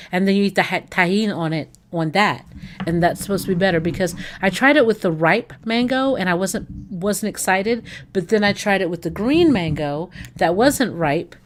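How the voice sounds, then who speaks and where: A woman from the United States hosting a livestream, chatting casually with viewers, enthusiastic and gushing about food, rambling with fillers and self-corrections. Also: fairly low pitch. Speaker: livestream host.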